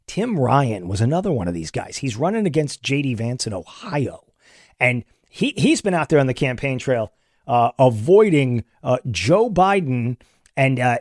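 Animated male political commentator, dry close sound. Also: medium pitch, dry recording. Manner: animated, with many restarts and acted-out quotes.

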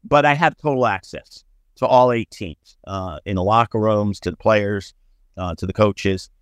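Animated storytelling man, dry sound. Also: lowish voice, normal speed, clean tone, no echo. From United States. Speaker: sportswriter guest. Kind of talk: storytelling podcast interview.

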